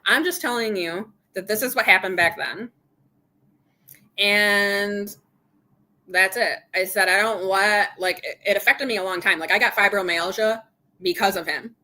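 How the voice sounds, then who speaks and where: A woman's voice: medium pitch, pushed and bright. A middle-aged woman hosting a casual live chat, candidly retelling an argument and quoting both sides of it. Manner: candid storytelling, retelling an argument with quoted dialogue. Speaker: channel host.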